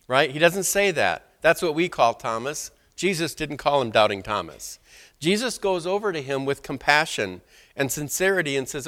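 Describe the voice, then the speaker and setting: A man preaching a sermon in a church, conversational and animated, with frequent rhetorical asides. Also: fairly high pitch, normal speed. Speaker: pastor.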